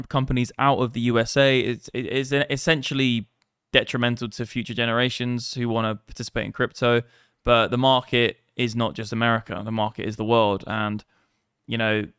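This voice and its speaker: Swearing man with a smooth voice. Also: medium pitch, a bit bright, dry recording, studio quality. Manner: rambling, profane, casual. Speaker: crypto trading streamer. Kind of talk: live trading commentary.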